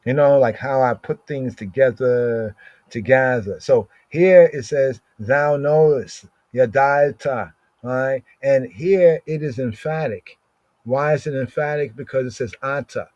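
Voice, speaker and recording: A man's voice: mid-range voice, a little mellow, no room sound. A man teaching scripture verse by verse, repeating Hebrew words again and again and often asking "right?". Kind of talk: slow verse-by-verse scripture study. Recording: slightly dull lo-fi recording.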